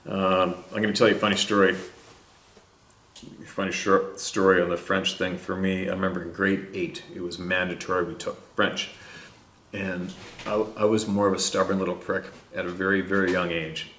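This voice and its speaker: A man with a Canadian accent hosting a podcast, telling stories in a relaxed, rambling way and tossing in "eh". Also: sits low, moderate pace, echoey room, a little hiss or hum. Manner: relaxed, rambling, drops "eh" and laughs. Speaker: podcast host. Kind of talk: casual storytelling chat.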